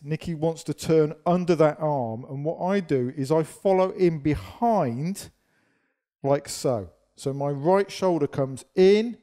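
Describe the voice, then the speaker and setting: A male dance teacher with a fairly high voice talks through each step and counts the beats aloud. He is chatty and pokes fun at himself. His voice is starting to go. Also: mellow. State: losing his voice. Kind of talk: demonstrating and explaining partner dance moves.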